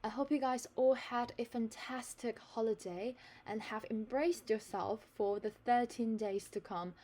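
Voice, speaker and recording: A woman's voice: fairly high pitch, steady tone, unhurried, mellow, a little hiss or hum. A woman hosting an online reading lesson, explaining a news article to viewers in a chatty, friendly teaching manner. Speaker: host of a reading lesson channel.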